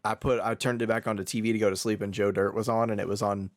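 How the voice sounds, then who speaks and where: A man's voice: lowish voice, little pitch movement, fast talker. A young man co-hosting a casual podcast chat, rambling and hesitant. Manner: rambling, hesitant, self-deprecating. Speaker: podcast co-host.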